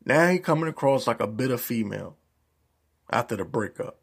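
Gravelly-voiced man ranting casually. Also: medium pitch, fairly quick. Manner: profane, animated ranting with slang. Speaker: YouTube commentator.

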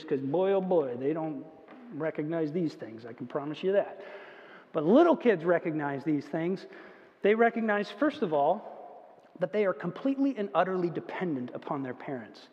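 A pastor with a high, slightly mellow voice gives a conversational sermon, now and then imitating the whiny voices of small children. The audio is dull and lo-fi, with a long reverb trailing off the walls of a large hall.

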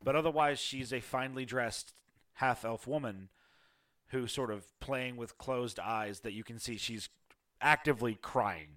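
A man runs a tabletop game as its game master. His voice sits at a middle pitch. He narrates loosely and casually, often stopping on fillers. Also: measured pace, a bit bright. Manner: casual, hesitant, with many fillers.

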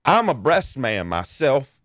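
A man voicing a pushy street beggar who drawls and wheedles in a slow, sing-song way. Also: medium pitch, big pitch swings, fairly bright tone, no room sound, clean studio sound, voice pushed up. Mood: wheedling.

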